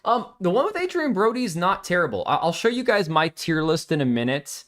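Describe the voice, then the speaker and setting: A man's voice: high voice, big pitch swings, fairly quick, a bit bright. A man hosting a live show, reading viewer comments aloud and reacting with blunt, sarcastic casual commentary. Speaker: livestream host.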